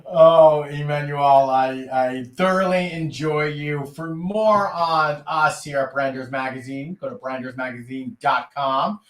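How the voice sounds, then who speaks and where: A man's voice: on the high side, fairly even intonation, a little slow, hardly any pauses. A man hosting a podcast interview, upbeat and effusive as he thanks his guest. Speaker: podcast host. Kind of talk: casual interview chat. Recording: roomy echo.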